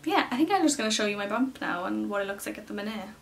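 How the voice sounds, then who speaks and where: A woman's voice: medium pitch, lively intonation, racing, gravelly. A young woman talking casually to the camera from a small cluttered room at home, chatty and full of fillers, retelling what people said. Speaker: vlogger. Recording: slightly distant with faint room noise.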